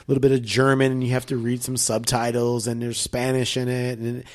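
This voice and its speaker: A man's voice: mid-range voice, completely flat delivery, fairly quick, a little mellow. A man as a podcast guest, chatting enthusiastically, rambling and swearing heavily. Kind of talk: casual podcast chat.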